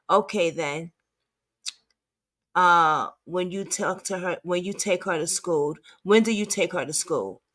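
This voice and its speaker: Woman commentator, slow and halting, reads chat messages aloud with her own remarks, lower voice. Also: bright, forceful tone. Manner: halting, stumbling reading with restarts. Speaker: advocate commentator.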